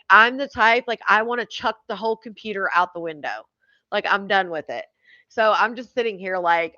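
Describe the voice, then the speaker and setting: A woman's voice: medium pitch, sharp tone, dry recording. Swearing woman streamer, dull dry sound. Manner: frank, swears freely, laughs often. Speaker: live stream host. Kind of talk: casual live stream chat.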